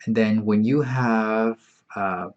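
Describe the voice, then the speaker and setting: A man's voice: lowish voice, fairly even intonation, darkish tone, highs cut off. A man teaching an online beginner Chinese lesson, patient and repetitive, saying each word several times. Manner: slow, patient, repeats words often.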